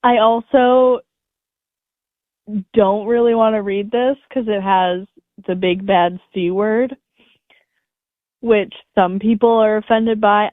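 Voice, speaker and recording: A woman's voice: mid-range voice, no echo. A woman reading online stories aloud in a casual chat, with light laughs and asides. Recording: dry, phone-like audio.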